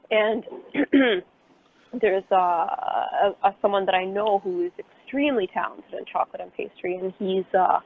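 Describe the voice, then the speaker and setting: A woman guest in a casual chat over a video call, talking hesitantly with many fillers. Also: on the low side. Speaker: chocolatier guest. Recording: tinny phone-like video call with faint noise.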